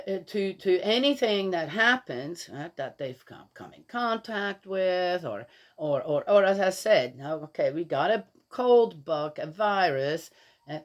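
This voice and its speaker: A woman's voice: on the low side, lively intonation, a little slow. An older grandmother talking in a casual, rambling monologue, opinionated and exasperated, with restarts and laughs as she tells stories. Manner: chatty, opinionated, exasperated storytelling.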